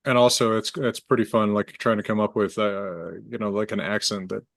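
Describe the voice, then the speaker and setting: A man with a low voice hosts a relaxed interview over a video call. His sound is close and dry, and he asks curious questions with a few hesitant restarts. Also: fairly quick, gravelly, no echo. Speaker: host, language teacher. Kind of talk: casual interview chat.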